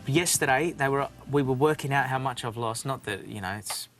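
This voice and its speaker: A man's voice: mid-range voice, brisk, fairly bright tone. A man from Australia, a guest on a radio show, joking about himself and chatting easily. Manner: self-mocking, laughs at himself. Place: radio studio.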